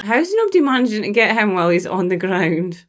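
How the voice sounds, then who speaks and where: A woman's voice: medium pitch, big pitch swings, brisk, heavy background noise. A woman chatting and reacting aloud while watching a movie, exclaiming and laughing along. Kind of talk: casual reaction commentary.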